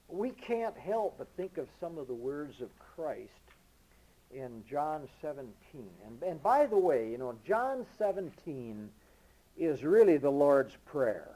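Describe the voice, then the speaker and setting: A man preaching a sermon with emphasis, rising to loud declarations and dropping to low murmurs, reading scripture slowly and deliberately. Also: rough recording. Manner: reads King James scripture slowly and deliberately.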